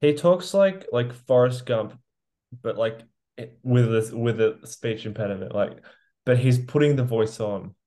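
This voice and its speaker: A man's voice: medium pitch, steady tone, measured pace, dark tone. An easygoing man co-hosting a casual movie-review podcast. His voice sits in a medium, everyday register. He fills his speech with "like" as he talks loosely through his picks. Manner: easygoing, filler-heavy, says "like" constantly. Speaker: podcast co-host.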